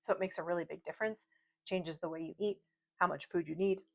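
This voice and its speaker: This American woman reads tarot casually at home at night, rambling with side stories and light laughter, her lowish, gravelly voice moving at a quick pace. The sound is a slightly dull, lo-fi video-call style home recording, with faint noise from outside.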